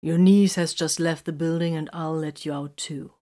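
A woman's voice: deep voice, fairly even intonation, warm tone, lightly acted. Woman voicing a curt male sergeant. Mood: curt, commanding. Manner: curt, commanding, slow and deliberate. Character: stern, cool male soldier sergeant.

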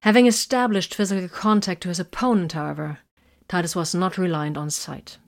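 Woman reading a battle story aloud, calm steady pace, lowish voice. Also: brisk. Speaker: narrator. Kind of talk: audiobook reading of fan fiction.

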